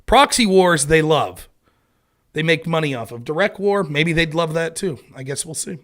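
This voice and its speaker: Animated, sarcastic male political streamer. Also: fairly high pitch, moderate pace. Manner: animated, sarcastic, mocking imitations of opponents; swears freely in exasperation. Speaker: political livestream host. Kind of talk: casual political commentary.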